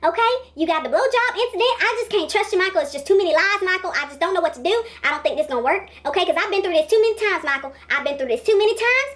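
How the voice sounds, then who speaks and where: A woman's voice: very high-pitched, expressive, racing, hardly any pauses, a bit bright, pitched above the performer's own voice. A woman voicing a distrustful woman who whines and keeps repeating herself as she pleads to be loved. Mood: hurt, pleading.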